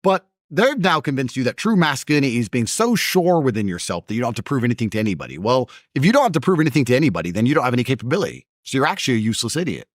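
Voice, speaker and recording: A man's voice: medium pitch, sing-song, racing, hardly any pauses, no echo, studio quality. A man talking as a podcast guest in a blunt, emphatic, mocking way. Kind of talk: podcast conversation.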